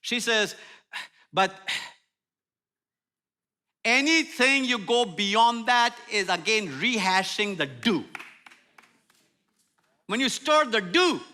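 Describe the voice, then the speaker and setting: An older man preaching a sermon as a guest speaker, humorous and animated, acting out prayers and apologies in a church. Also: sits high, slow, long pauses. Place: church sanctuary.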